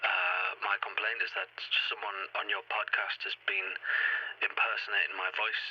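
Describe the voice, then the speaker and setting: A man's voice: sits low, level tone, normal speed, sharp tone, husky, dull audio, exaggerated voice. A man voicing a flustered caller who stammers and grows indignant while leaving a complaint by phone.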